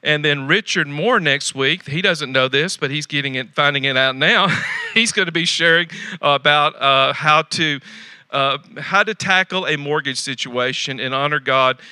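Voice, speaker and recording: Male pastor, folksy sermon delivery with repeated emphatic phrases; high, very bright tone, dry recording. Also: moderate pace, clear, resonant tone, dry recording. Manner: swings from loud exhortation to quiet asides.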